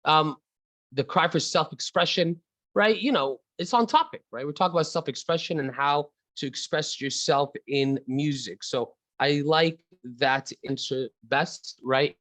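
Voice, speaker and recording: A man's voice: on the high side, unhurried, fairly bright tone, no room sound, poor audio. A man with an Egyptian accent teaching an online class. He switches between English and Arabic mid-sentence and calls on students by name. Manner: chatty, addresses students by name.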